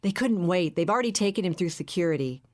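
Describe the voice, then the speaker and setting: A woman's voice: lowish voice, lively intonation, fast talker, lightly acted. A woman voicing a tall, agitated man of about fifty who speaks brusquely and in a hurry.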